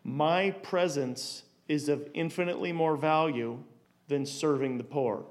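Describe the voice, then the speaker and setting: Male Bible teacher, fairly high voice, conversational, stumbles and repeats words, leans on rhetorical questions. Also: measured pace.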